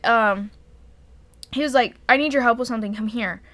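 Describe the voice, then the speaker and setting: Bright-voiced young woman telling stories. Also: fairly high pitch, fairly quick, no room sound. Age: young adult. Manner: profane, exasperated storytelling with frequent laughs. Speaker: podcast co-host. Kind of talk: casual storytelling chat.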